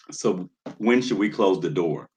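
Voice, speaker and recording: A man's voice: low voice, darkish tone. A man hosting a casual livestream, talking loosely with lots of fillers and greeting viewers in the chat by name. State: nervous, jittery. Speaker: livestream host.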